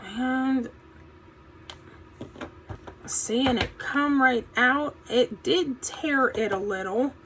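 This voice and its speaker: A woman's voice: sits high, drawn-out words, pauses often, a bit bright, a little hiss or hum, low-quality recording. A woman hosting a casual crafting tutorial, chatty and folksy, with a groggy morning voice since she has just woken up. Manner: chatty, folksy, says "um" a lot. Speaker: craft channel host.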